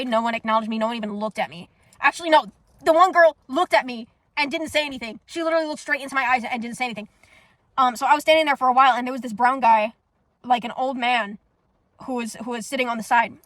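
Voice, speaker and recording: A woman's voice: high-pitched, a bit bright, dry recording. A young woman from the United States telling a story in a casual monologue, blunt and profane. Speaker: vlogger.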